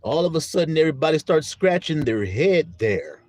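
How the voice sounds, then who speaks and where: A man's voice: on the high side, very animated, normal speed, darkish tone, no echo. A man preaching a sermon on a live stream, emphatic and often asking listeners whether they understand. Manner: emphatic, repeats questions to listeners; greets viewers in chat. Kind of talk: livestream sermon.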